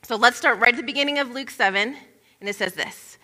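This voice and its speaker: Bright-voiced woman pastor preaching. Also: a little high, quick pace. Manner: chatty, informal asides with "like" and "you know". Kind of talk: conversational sermon. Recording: long reverb of a large hall.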